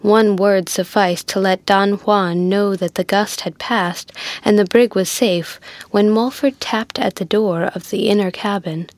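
A woman reading a classic sea novel aloud in a measured audiobook narration. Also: medium pitch, fairly even intonation, no room sound.

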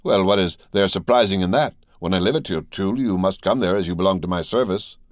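A man reading a cold, commanding count, deep. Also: no room sound, clean studio sound, lightly acted. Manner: commanding, measured. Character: imperious older male count, cold master.

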